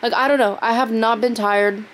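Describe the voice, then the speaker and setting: A woman's voice: fairly high pitch, fairly even intonation, normal speed, slight background noise, rough recording. Tired teenage girl rambling on a phone vlog. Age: teens. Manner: rambling, tired, filler-heavy talk. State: exhausted. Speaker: vlogger. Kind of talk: casual vlog chat. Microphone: phone camera.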